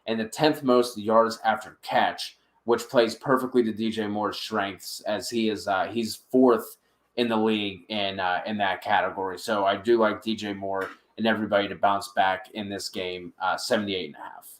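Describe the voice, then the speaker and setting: Low-voiced man in an echoey room. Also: steady tone, moderate pace. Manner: stammers and repeats words while reeling off stats. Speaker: podcast co-host, sports betting picks. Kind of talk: casual sports betting chat.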